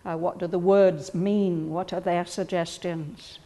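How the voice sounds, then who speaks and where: A woman leading a study group, speaking slowly and thoughtfully as she explains ideas to the others. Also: on the low side, steady tone, in a large hall. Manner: slow, thoughtful, gently explaining. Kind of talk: reflective group discussion.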